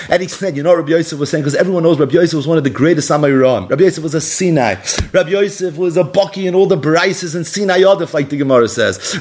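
A man's voice: on the high side, a little mellow. Impassioned man preaching a story. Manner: impassioned, builds to emphatic peaks; mixes Hebrew and Yiddish terms into English. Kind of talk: storytelling sermon.

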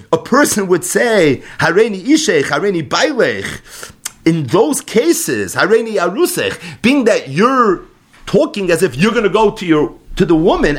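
A man teaching a Talmud lesson in English, explaining each term in an animated, sing-song study cadence. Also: high voice. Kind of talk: daf yomi Talmud lesson.

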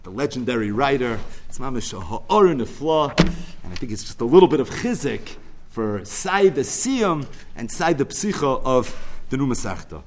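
A man teaching a Talmud lecture, telling its story in an animated way. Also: mid-range voice, moderate pace, a little hiss or hum.

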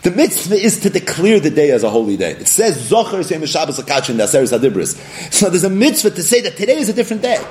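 A man's voice: sits high, big pitch swings, fast, darkish tone. A man giving a Talmud study lecture, animatedly posing questions and then answering them himself. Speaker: Talmud teacher.

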